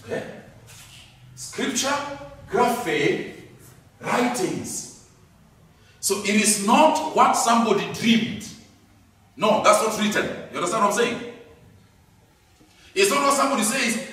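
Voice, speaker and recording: A man preaching a sermon, emphatic, repeating key words and swinging between loud and soft. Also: high voice, expressive, slow pace, long pauses. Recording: echoey hall, distant mic.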